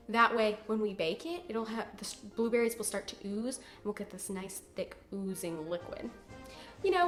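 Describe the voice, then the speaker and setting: A woman's voice: a little high, a bit bright, reverberant. A teenage girl hosting a cooking tutorial, bubbly and joking with chatty asides. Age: teens. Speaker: cooking video host.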